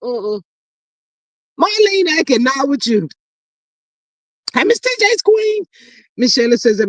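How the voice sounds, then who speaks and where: Animated, sassy live stream host. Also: sits high, measured pace, long pauses, dry recording. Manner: animated, sassy, drawling endearments. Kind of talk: casual live stream chat reading. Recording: dull lo-fi dry audio.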